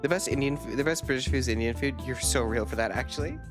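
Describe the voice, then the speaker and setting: A vtuber streamer in casual live chat, rambling from one quick reaction to the next and swearing freely. The voice sits at a middle pitch, and music plays clearly underneath. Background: background music.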